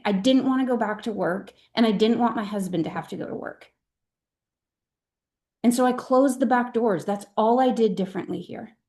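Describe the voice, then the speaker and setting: A middle-aged woman leads her direct-sales team on a video call, speaking earnestly, emphatically and from the heart. Her voice is a little high and a little mellow.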